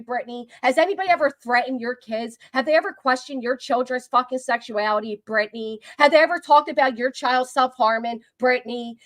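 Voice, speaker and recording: Brief: abrasive middle-aged woman from Philadelphia with a Philly accent, slightly high voice, loud and profane streamer rant. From Philadelphia, USA. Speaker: livestream host. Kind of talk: heated livestream rant.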